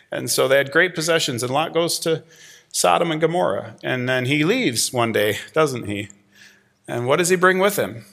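A man's voice: a little high, lively intonation, moderate pace, vocal fry, a bit bright. A man preaching a sermon to a group in a church, in a conversational way that keeps asking "right?". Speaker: pastor.

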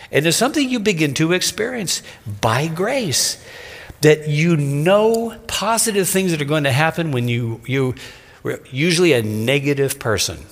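Male pastor, slow deliberate sermon delivery, long hall reverb. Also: mid-range voice. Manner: expressive preaching with emphatic pauses and drops to soft. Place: church sanctuary.

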